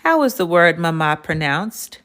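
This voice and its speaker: A woman's voice: lowish voice, sing-song, a little slow, a bit bright. An American woman teaching a live online Spanish lesson, casually quizzing her viewers and encouraging them.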